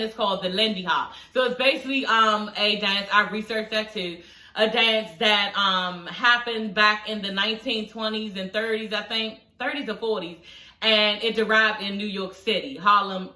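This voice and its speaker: A young adult woman giving a casual, animated recap of a TV episode, talking straight to her viewers and swearing freely. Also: fairly high pitch, reverberant, recorded from a distance, poor audio. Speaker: TV episode reviewer.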